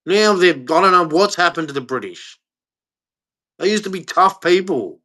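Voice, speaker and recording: A man's voice: sits high, animated, moderate pace, bright, forceful tone. Blunt, profane Australian man ranting. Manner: blunt, angry and profane, with heavy emphasis. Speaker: vlogger. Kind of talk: ranting monologue to camera.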